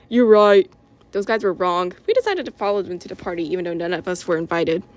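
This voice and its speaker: A woman's voice: lowish voice, expressive, quick pace, dry recording. A woman reading her own story aloud in a casual way, correcting herself as she goes. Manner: informal, with self-corrections and giggles.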